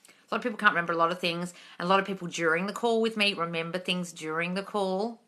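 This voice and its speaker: A woman's voice: fairly low pitch, fairly even intonation, fast, pushed and bright. A woman, chatting bluntly and swearing freely while she answers viewers on a home livestream. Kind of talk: casual live-stream chat. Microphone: phone mic.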